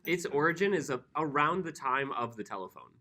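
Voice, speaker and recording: A man's voice: on the high side, a little fast, a crowd in the background. A man teaching chemistry to a class, who moves between lecturing and loose, chatty storytelling with his students. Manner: chatty, storytelling, animated when amused.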